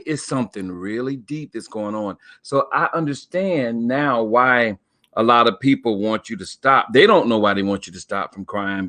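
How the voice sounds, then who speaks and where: A man's voice: mid-range voice, bright, forceful tone. A man hosting a live stream, talking in a folksy, preachy way, stretching out words for emphasis. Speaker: host. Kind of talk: casual live-stream talk.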